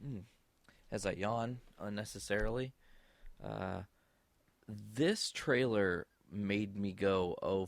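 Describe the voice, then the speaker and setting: A man's voice: low-pitched, vocal fry, no room sound. A man co-hosting a podcast in casual chat, blunt and enthusiastic, swearing freely. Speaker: podcast co-host.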